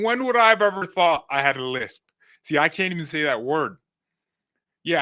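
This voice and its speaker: A man hosting a football fan channel in a casual vlog, speaking with a lisp from new dental aligners, joking, rambling and excitable. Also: a little high, dry recording, studio quality.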